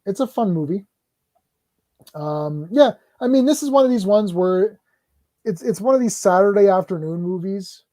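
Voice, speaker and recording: A man hosts a livestream and chats casually about movies, rambling with lots of fillers and animatedly acting out movie lines in a raised voice. His voice is high-pitched at normal speed, with clean studio sound and no echo.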